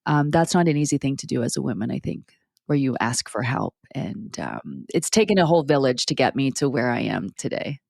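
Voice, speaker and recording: A woman in her forties, a podcast guest, telling personal stories in a blunt, profane, animated way with frequent restarts. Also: rumbling low, a little fast, vocal fry, dry recording, studio quality. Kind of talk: candid conversational storytelling.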